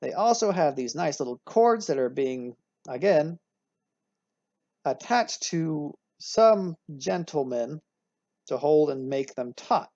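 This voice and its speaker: In a fairly high voice with lively intonation, a slow pace and a darkish tone, a man gives a recorded anatomy lecture. He keeps it upbeat and casual, often fixing himself mid-sentence and reaching for analogies, and the recording is dry and slightly dull with no room sound.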